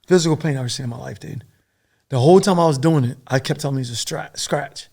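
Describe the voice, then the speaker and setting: A middle-aged man, a podcast guest and former soldier, telling a war story in a profane, animated, rambling way. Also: medium pitch, fast talker, gravelly, husky.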